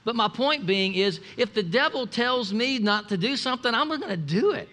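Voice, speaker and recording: A man with a high, bright voice preaches to his congregation. He talks in an animated way, breaks into asides and acts out little quotes. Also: normal speed. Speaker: pastor. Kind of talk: sermon.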